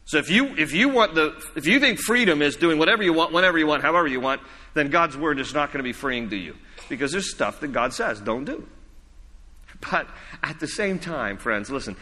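Male pastor, chatty sermon delivery with jokes, high voice, reverberant church. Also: lively intonation, a little fast, pushed and bright. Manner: conversational, repetitive preaching with humor.

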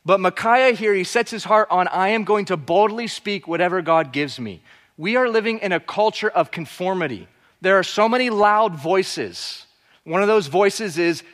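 A man delivering a sermon in a fairly high voice, preaching with emphasis and at times sinking to soft asides. His voice rings out with a long reverb, as from a large hall. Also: animated, moderate pace. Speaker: pastor.

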